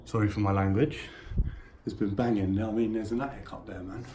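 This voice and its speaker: A man's voice: fairly low pitch, steady tone, a little fast, mellow. A young man hosting a ghost-hunting vlog, calling out and taunting a spirit in a coarse, swearing manner inside an empty house. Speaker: paranormal investigator host. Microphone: camera mic. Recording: echoey rooms, distant mic, faint background noise.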